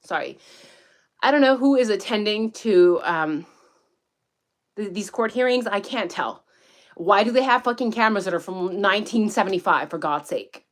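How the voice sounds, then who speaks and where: Out in the woods, a woman who does true-crime commentary chats on a livestream at a normal speed in a mid-range voice. Reading comments from the chat, she rambles, swears freely and gets easily worked up.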